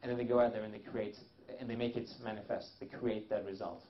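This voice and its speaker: A man's voice: on the low side, steady tone, fast talker, highs cut off, a little hiss or hum. A man presenting a live seminar to a small audience, talking loosely with many restarts and fillers.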